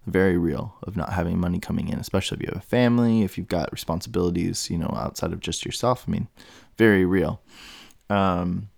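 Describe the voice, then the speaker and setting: A man's voice: deep voice, fairly quick, vocal fry, a little mellow, no echo, clean studio sound. A man hosting a solo podcast, thinking aloud in a meandering way with many fillers and restarts. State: has the hiccups. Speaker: podcast host. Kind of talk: rambling solo podcast monologue.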